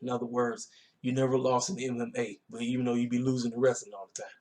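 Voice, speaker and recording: A man's voice: medium pitch, little pitch movement, fast, a little mellow. A man giving a casual, rambling recap of a wrestling show, talking. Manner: laid-back, colloquial, rambling with fillers.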